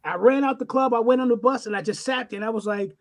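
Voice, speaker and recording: High-voiced man telling a profane story. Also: fast. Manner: animated, profane, acts out the voices in his stories. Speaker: guest musician. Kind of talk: storytelling in a casual chat.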